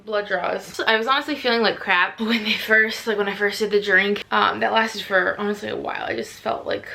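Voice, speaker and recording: Chatty woman with vocal fry. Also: medium pitch, steady tone, fairly quick, sharp tone, a little hiss or hum. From Southern US. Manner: chatty, many fillers like "like". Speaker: vlogger. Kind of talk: casual chat to camera.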